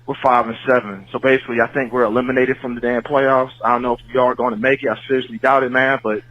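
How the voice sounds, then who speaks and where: A man's voice: mid-range voice, little pitch movement, fast, lo-fi sound, slight background noise. A man calling in to a podcast, ranting furiously and cursing nonstop. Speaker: caller. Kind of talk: angry fan call-in rant.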